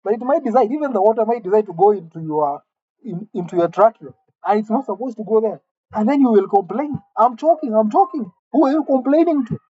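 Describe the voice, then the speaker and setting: A woman delivering a mock-serious comic rant, indignant and halting, often repeating her words. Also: medium pitch, lively intonation, dark tone, highs cut off, a little hiss or hum. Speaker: comedic vlogger.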